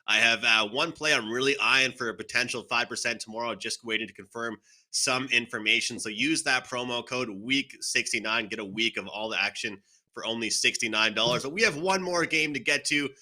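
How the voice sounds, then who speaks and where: A man's voice: mid-range voice, fairly quick, pushed and bright. A man hosting a sports betting panel, upbeat, turning to each panelist by name. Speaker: show host.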